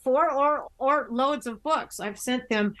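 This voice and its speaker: An older woman who is a theatre actor and author chats casually in an interview, telling stories with many restarts and acting out other voices. Her voice sits high and is a bit bright, and she speaks slowly.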